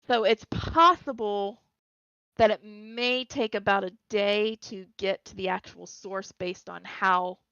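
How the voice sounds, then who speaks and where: A woman narrating as game master of a tabletop game, unhurried and hesitant with fillers, on a voice call. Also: mid-range voice, steady tone, bright, forceful tone, clear, resonant tone, no room sound, muffled recording. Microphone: headset over voice call.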